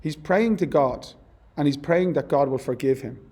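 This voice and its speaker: A male teacher with a mellow, warm voice talks through a poem in a relaxed classroom manner. He explains terms conversationally, correcting himself as he goes, and slows right down to read verse lines aloud with care. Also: fairly high pitch, slightly rough. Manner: reads poem lines slowly and deliberately. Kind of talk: literature lesson.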